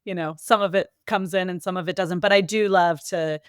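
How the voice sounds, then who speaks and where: Woman, new england accent, podcast guest, smooth clear voice, dry close sound. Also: on the low side, no room sound. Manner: quick, lively, many fillers and restarts. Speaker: podcast guest, marketing executive. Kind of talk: casual interview talk.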